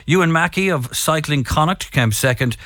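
A man with an Irish accent presenting morning radio, chatting to listeners and reading sports headlines in a brisk, upbeat way. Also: on the high side, expressive, fairly bright tone, no echo, clean studio sound. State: out of breath.

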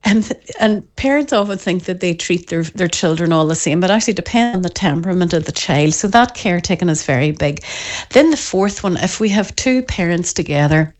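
A woman, a parenting author explaining her ideas in an interview, lively and acting out little quoted voices as she goes. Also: on the low side, brisk.

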